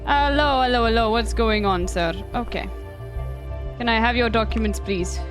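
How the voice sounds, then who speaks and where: A woman's voice: a little high, moderate pace, music in the background. A young woman streaming a game live, talking casually and chattily, swearing and poking fun at herself. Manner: chatty, swears, self-deprecating. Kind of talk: casual gaming commentary.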